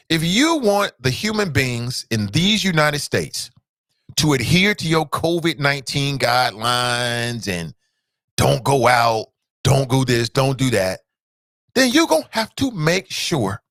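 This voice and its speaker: A male talk show host from Cincinnati, delivering animated solo commentary full of repeated rhetorical questions and sudden high exclamations. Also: dry recording, clean studio sound. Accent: Cincinnati, Ohio.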